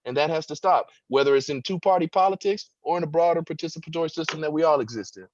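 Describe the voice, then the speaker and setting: A man's voice: fairly high pitch, quick pace, darkish tone, lo-fi sound, slight background noise. A man giving impassioned political commentary as a radio guest, with emphatic, preacher-like rhetoric.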